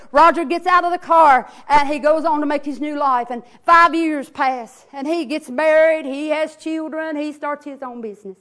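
A woman preaching a sermon, telling a story dramatically and rising to tearful shouts at the high points. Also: moderate pace. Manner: dramatic storytelling, rises to crying shouts at climaxes.

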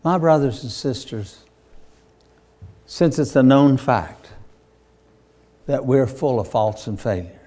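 A man preaching a sermon with fervent, building delivery and loud bursts on quoted lines. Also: medium pitch, expressive, slow, long pauses. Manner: fervent, rising to shouts on acted quotes.

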